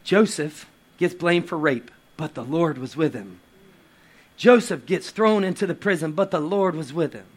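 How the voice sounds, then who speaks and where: A man preaching a lively sermon with playful asides and acted quotes. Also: on the high side, moderate pace. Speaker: pastor.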